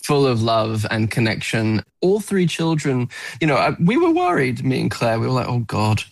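A man's voice: medium pitch, big pitch swings, moderate pace, creaky, no echo, poor audio. A man, a film actor, talking earnestly in a radio interview, often repeating words as he searches for them.

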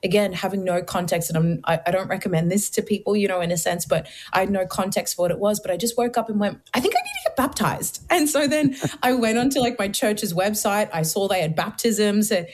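A young woman tells her personal story in an interview. She speaks earnestly and lively, with lots of casual fillers. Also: medium pitch, brisk, few pauses, a little hiss or hum. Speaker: guest.

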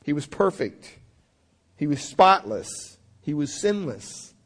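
A man delivers a sermon with a voice pitched a little above most men's. He preaches earnestly, pushing his voice up to stress a point and letting it fall low and quiet for asides. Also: big pitch swings, slow. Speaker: pastor.

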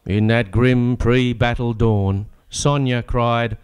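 Australian male performer, smooth clear voice, rollicking rhyming recitation of comic verse on a live stage. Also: mid-range voice, lively intonation, measured pace. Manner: rollicking, rhythmic rhyming delivery. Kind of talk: comic bush-ballad recitation.

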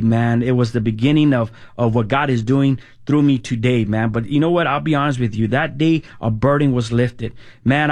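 A middle-aged man telling his personal testimony, casual and halting, often repeating words and saying "man". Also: mid-range voice. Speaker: guest sharing testimony.

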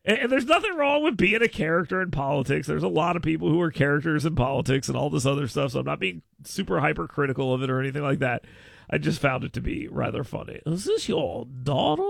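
Male talk radio host, animated storyteller, gravelly edge, dry booth. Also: on the high side, fast, no echo. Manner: animated storytelling with laughs and mock voices. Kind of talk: casual radio banter.

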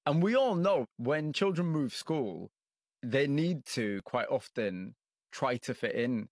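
A man presenting a radio program, narrating a story in a measured way and interviewing a guest. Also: mid-range voice, expressive, darkish tone, no echo, clean studio sound. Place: radio studio. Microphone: studio mic.

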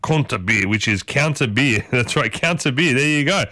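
A man's voice: medium pitch, animated, normal speed, bright, forceful tone, dry recording, studio quality. A man hosting a breakfast radio show in casual, folksy chat, firing questions at his listeners. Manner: chatty and folksy, quizzes listeners with strings of questions.

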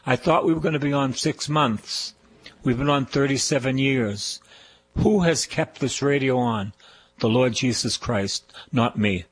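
Older Boston-accent man, radio priest, husky and slow, fervent repeating sermon. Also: medium pitch, poor audio. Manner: fervent, repetitive preaching with call-and-response praise.

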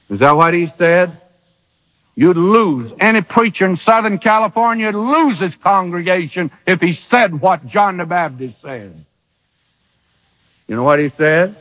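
A man delivering a sermon in a high voice that leaps up and down in pitch. He fires off rhetorical questions and lets dramatic pauses hang, and the sound carries a long hall reverb on an old radio recording. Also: animated, fairly bright tone. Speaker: preacher.

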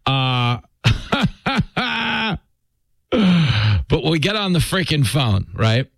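A man hosting a talk radio show, chatting casually in a quick, joking, self-deprecating way. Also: on the high side, big pitch swings, vocal fry, a bit bright, no echo.

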